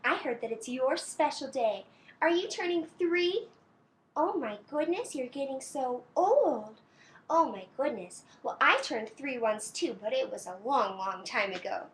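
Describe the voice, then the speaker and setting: A young woman playing a sweet, doting princess in a birthday greeting, talking slowly and sing-song to a small child with soft giggles and pauses for answers. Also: high voice, a little hiss or hum. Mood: cheerful. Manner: talks slowly to a toddler, pausing for answers. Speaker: costumed princess character.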